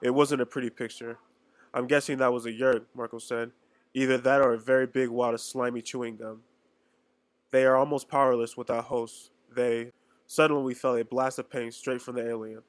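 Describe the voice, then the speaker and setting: Flat-voiced man reading a story aloud. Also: medium pitch, fairly quick, no echo. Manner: reads plainly with small stumbles and restarts. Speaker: reader. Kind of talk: amateur read-along narration.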